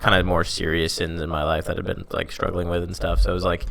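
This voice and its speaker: A man's voice: deep voice, monotone, fast, vocal fry, fairly bright tone. A young man chatting casually on a podcast, rambling and self-mocking, with "like" in almost every sentence. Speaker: podcast host telling his faith story. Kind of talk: casual chat.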